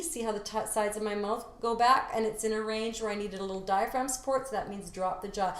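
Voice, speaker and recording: A woman's voice: medium pitch, steady tone, brisk, hardly any pauses, roomy sound. A woman vocal coach teaching a singing lesson step by step, now and then singing short phrases to show a point. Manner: explains step by step, demonstrates sung phrases.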